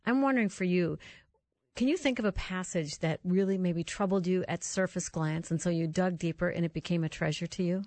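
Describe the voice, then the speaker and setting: A woman's voice: lowish voice, fairly quick, a little mellow, no echo. A woman hosting a Christian radio talk show, chatting earnestly and telling stories. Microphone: studio microphone.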